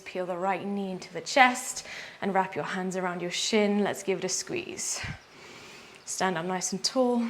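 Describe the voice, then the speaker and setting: A young woman leading a guided yoga class, giving calm, encouraging cues and counting holds aloud. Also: mid-range voice, slight background noise. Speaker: yoga instructor.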